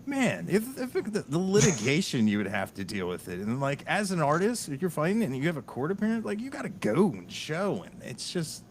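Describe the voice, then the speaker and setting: A man's voice: on the high side, fairly quick, hardly any pauses, slight background noise. A man from the US Northeast hosting a podcast, telling stories in casual chat with laughs and many restarts. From Delaware, US Northeast. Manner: animated storyteller, laughs often, many restarts. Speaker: podcast host.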